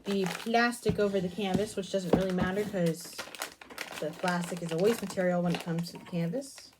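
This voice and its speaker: A woman's voice: lowish voice, steady tone, normal speed, noisy background. A young adult woman chatting casually as she works with clay, wandering between her task and a long childhood story. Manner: rambling storytelling, asides about her work. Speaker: crafting channel host. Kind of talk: casual chat while crafting.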